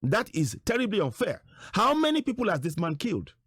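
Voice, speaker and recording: A man's voice: high voice, wildly swooping pitch, brisk, a bit bright, husky, no echo, studio quality. A man giving emphatic online commentary on material shown on screen, repeating his rhetorical questions and phrases. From Nigeria. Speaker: political commentator.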